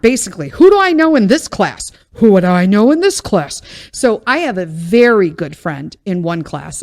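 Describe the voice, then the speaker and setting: A woman hosting a podcast, telling a story in a casual monologue, blunt and profane, wry and self-mocking as she vents. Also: mid-range voice. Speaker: podcast host.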